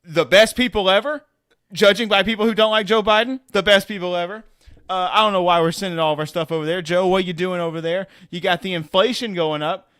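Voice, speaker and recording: Man doing a Southern-drawl hothead in a comic rant, higher and louder than his own voice. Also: fairly even intonation, a little fast, clean tone, dry recording, studio quality. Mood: heated ranting. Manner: heated rant, repeated rhetorical questions. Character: loud ranting man, angry at the president. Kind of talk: comic political parody rant.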